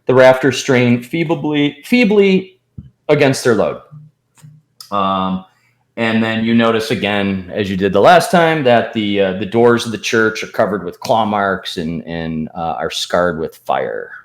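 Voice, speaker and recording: A man's voice: on the low side, a little slow, roomy sound. Rambling man running a tabletop game. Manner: rambling, hesitant with fillers. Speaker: game master.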